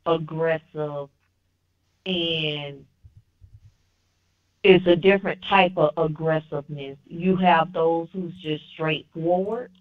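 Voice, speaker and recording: A woman caller giving firm opinions, often restarting her sentences. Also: sits low. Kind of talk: casual call-in phone talk. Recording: dull lo-fi phone line.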